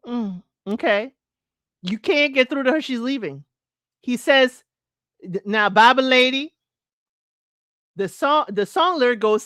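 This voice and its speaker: A woman's voice: a little high, expressive, measured pace, pauses often, a bit bright, dry recording, studio quality. A woman hosting a casual solo talk show, chatting to listeners as y'all and breaking into sung lyrics. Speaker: podcast host.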